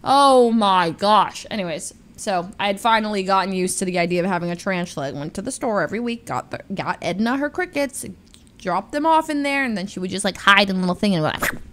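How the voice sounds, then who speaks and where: A young woman streamer telling a story to her chat in a casual, animated way, with lots of restarts and quick jumps into high-pitched quoted voices.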